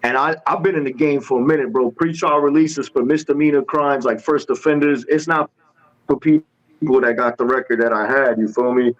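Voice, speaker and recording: A man guest telling a story with animated energy, using street slang and acting out each person's lines in voices. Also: medium pitch, brisk, lo-fi sound. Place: podcast studio.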